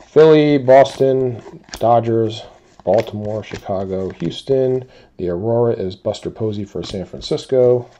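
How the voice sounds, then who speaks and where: A man hosting a live sports card break, calmly listing teams and players as he opens packs. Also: mid-range voice, dull audio. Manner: slow, relaxed listing of teams and cards.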